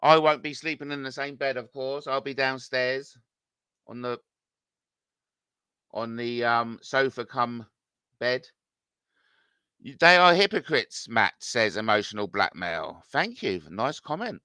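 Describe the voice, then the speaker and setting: A man's voice: mid-range voice, lively intonation, a little slow, pauses often, pushed and bright, clear, resonant tone, dry recording, studio quality. A middle-aged man reading out viewer comments and ranting back, agitated and swearing, his voice climbing when confronted.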